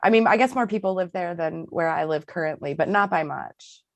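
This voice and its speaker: A woman with a low, gravelly voice talks in a dry, matter-of-fact way. She chips into the casual podcast chat with quick remarks.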